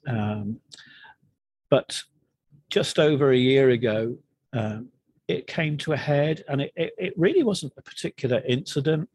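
A middle-aged man, frankly and haltingly telling his own recovery story as a guest in an interview. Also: medium pitch, a little mellow, breathy edge, no room sound. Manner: frank, halting and self-deprecating. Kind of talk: candid personal storytelling.

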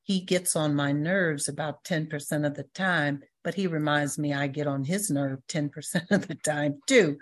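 Older woman with a low, grounded voice, sharing her recovery testimony as a lively storyteller. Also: moderate pace, few pauses. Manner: storytelling, acts out quoted voices, laughs. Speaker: recovery meeting speaker. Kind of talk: personal testimony talk.

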